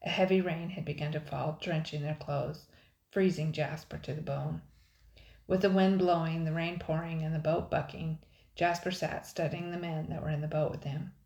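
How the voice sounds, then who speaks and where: An older woman, a grandmother, reading a children's adventure book aloud in a measured, expressive way. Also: low-pitched. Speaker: storybook reader. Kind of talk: children's audiobook narration. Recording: roomy echo.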